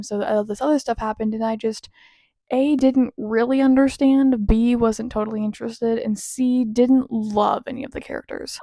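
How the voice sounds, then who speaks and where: A chatty young woman talks through her reading month in a loose, rambling way, restarting sentences as she goes. Her voice sits a little high with a mellow, soft tone. The recording is dry and close, with no room echo. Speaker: book vlogger. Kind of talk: casual chat.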